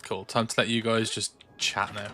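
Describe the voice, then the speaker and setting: A man's voice: on the low side, little pitch movement, normal speed, bright, forceful tone, faint music behind. A young man from England's Black Country with an English accent, chatting casually and rambling while streaming a game from home. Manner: rambling, chatty, frequent restarts and filler. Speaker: gaming streamer. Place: home room.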